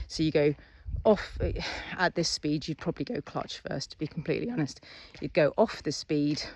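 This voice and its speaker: A driving instructor, giving a casual, chatty lesson and acting out little scenes along the way. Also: mid-range voice.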